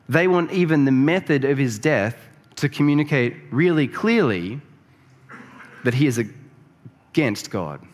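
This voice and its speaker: A man with a somewhat raised pitch delivers a sermon, unpacking scripture in a relaxed, conversational way that climbs to emphatic peaks. His voice rings through a large church hall with a long, lingering reverb. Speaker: preacher.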